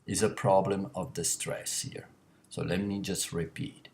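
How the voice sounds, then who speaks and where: A man teaching a language class, explaining slowly with many pauses and self-corrections. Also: low-pitched, little pitch movement, gravelly, darkish tone, a little hiss or hum. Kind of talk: classroom lecture.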